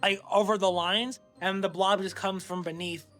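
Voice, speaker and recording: A man co-hosting a casual movie recap, excitable and full of filler words. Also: high voice, normal speed, soft background music. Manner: excitable, filler-heavy, lots of "like". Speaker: podcast co-host.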